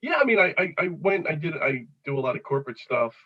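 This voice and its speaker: Man, Philadelphia accent, middle-aged, comedian guest, joke-telling, husky, dull lo-fi sound. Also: fairly high pitch, big pitch swings, quick pace, no room sound. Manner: joke-telling storyteller, laughs at his own lines. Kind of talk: casual chat.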